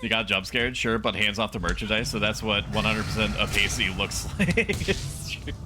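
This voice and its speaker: A young man streaming a horror shooter, chatting casually and breaking into loud, disbelieving yelps. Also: fairly low pitch, lively intonation, moderate pace, noisy background. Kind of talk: casual game stream commentary.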